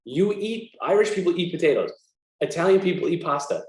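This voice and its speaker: A man's voice: a little high, lively intonation, a little fast, a little mellow, echoey room. A man, co-hosting a podcast in casual chat and making his points bluntly, with a lot of swearing. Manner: blunt, profane, argumentative. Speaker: podcast co-host.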